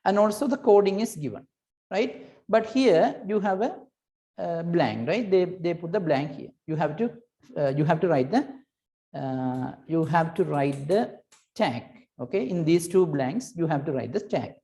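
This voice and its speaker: A woman's voice: lowish voice, expressive, unhurried, mellow. A woman teaching a recorded lesson, patiently explaining and checking in with "right?" between points, with hesitant restarts.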